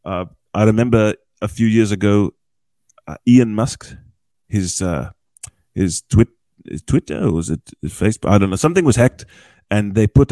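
A man's voice: on the low side, animated, moderate pace, mellow, no room sound. A man as a podcast guest, explaining cryptocurrency in a chatty, folksy way and often checking in with "okay?". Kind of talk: casual explanatory podcast talk. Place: podcast recording with a small group.

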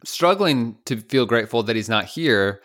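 A man's voice: medium pitch, animated, normal speed, a bit bright. A man co-hosting a podcast, talking in a casual, joking, teasing way. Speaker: podcast co-host. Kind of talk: casual chat.

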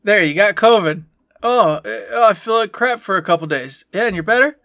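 A man's voice: high voice, a little fast, vocal fry, no echo, studio quality. A man hosting a podcast in casual, playful chat, introducing his co-host with jokes. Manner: animated, playful, jokey.

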